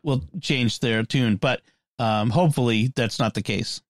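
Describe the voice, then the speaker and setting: A man's voice: mid-range voice, measured pace, no echo, clean studio sound. A man co-hosting a tech podcast in casual chat, talking at length with restarts and fillers. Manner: chatty, frequent restarts and fillers. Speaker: podcast co-host.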